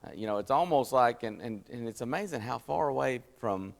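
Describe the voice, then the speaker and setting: A man's voice: animated, brisk, creaky. A man leading a Bible study in a conversational teaching style, explaining scripture and acting out the quotes. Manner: folksy, explanatory, acts out scripture quotes with rising pitch. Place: church meeting room. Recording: church hall with long reverb.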